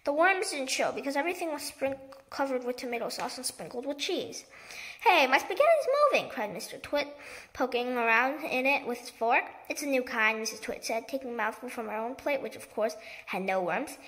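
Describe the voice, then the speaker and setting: A woman reads a children's story aloud in a high voice. Her reading is plain and steady, with an occasional slip and restart. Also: brisk, low-quality recording. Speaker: reader.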